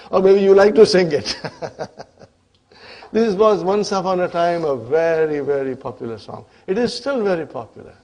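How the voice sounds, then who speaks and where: A man with a slightly high-pitched voice teaches Arabic grammar to a classroom of students. He mixes English with Arabic grammar terms and draws some of them out slowly. Every few phrases he stops to check in with the class, asking "huh?" and "are you with me?". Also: gravelly, a little mellow.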